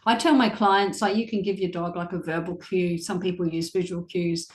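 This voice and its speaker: A woman's voice: lowish voice, steady tone, moderate pace, reverberant, a little hiss or hum. A woman dog trainer talking casually about her clients, chatty with frequent fillers and laughter. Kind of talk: casual conversational chat.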